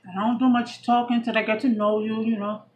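A woman's voice: a little high, level tone, a little fast, darkish tone, slight background noise, poor audio. A woman from Brooklyn, New York, with a Southern US accent, chatting casually while she eats at home by a window for her mukbang video. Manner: chatty, slangy, laid-back, eating between sentences. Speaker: mukbang vlogger.

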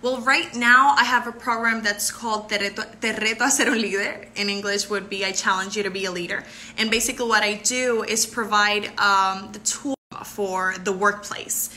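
Very bright bubbly young woman. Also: medium pitch, steady tone, slight background noise. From Puerto Rico. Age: 20s. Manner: bubbly and effusive, quick to thank and laugh. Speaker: beauty pageant contestant. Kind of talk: live stream answering viewer comments.

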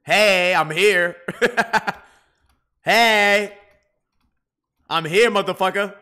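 A man's voice: high-pitched, very slow, pushed and bright, clear, resonant tone. A man streaming a game, tipsy from drinking and talking to his chat in a rowdy, profane way. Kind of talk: casual gaming livestream chat.

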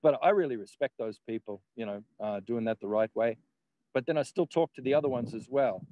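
A man talking as a guest in a loose, rambling way, peppered with laughs and swearing. His voice sits at an ordinary middle pitch. The sound is dry and close. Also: brisk, dry recording, phone-quality sound. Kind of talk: casual conversation.

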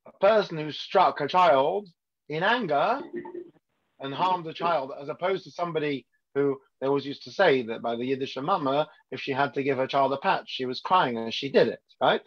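A man's voice: fairly high pitch, normal speed. A man teaching a weekly Torah class as a rabbi, in a conversational way, often checking in with his listeners. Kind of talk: informal Torah lesson. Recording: dull lo-fi sound.

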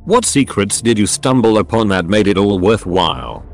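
A man's voice: fairly low pitch, lively intonation, normal speed. A synthetic male voice reading the part of an angry, hurt young woman confronting her father. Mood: bitter.

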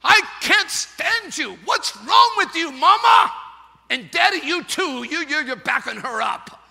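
A male preacher voicing a hungry baby eaglet that yells and complains at its parents in a childish way. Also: very high-pitched, extremely slow, heavily acted. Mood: whiny, indignant. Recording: long church reverb.

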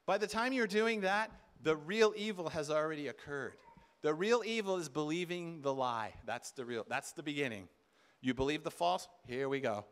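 A man's voice: fairly high pitch, moderate pace, a bit bright, clean tone. A man giving an emphatic sermon at a conference, acting out quoted voices in bursts. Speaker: conference speaker. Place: conference hall.

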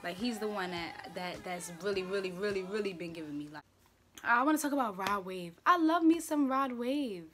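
A woman's voice: medium pitch, normal speed, fairly bright tone, faint music behind. A young woman, hosting her own casual talk show from home in a playful, opinionated, slangy way. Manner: chatty, playful and opinionated, with slang and filler words. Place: room at home.

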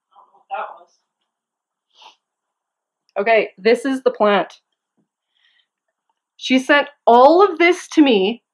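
Her voice on the high side, a young adult woman hosts a knitting podcast from her home, talking to the camera in a relaxed way with giggles and excited asides.

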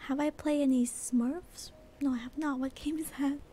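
A female livestreamer chatting in whispered role-play, soft and bubbly, at home at night. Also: high voice, steady tone, normal speed, faint music behind.

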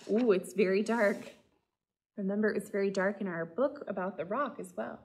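A woman, a children's librarian, reading a picture book aloud and asking the children gentle questions. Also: mid-range voice, expressive, normal speed. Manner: gentle, talks directly to children. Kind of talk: storytime read-aloud.

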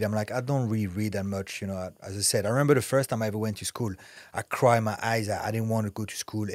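A man's voice: lowish voice, no echo, clean studio sound. A middle-aged man, an actor and former fighter, talking candidly as a podcast guest in a blunt, intense way and swearing freely. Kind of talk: candid podcast interview talk.

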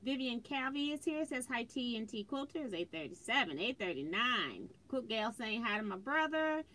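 A woman's voice: a little high, sing-song, normal speed, pushed and bright. A woman hosting a quilting livestream from home, chatting casually and greeting viewers by name as she reads their comments on a phone. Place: indoors at home, fireworks outside.

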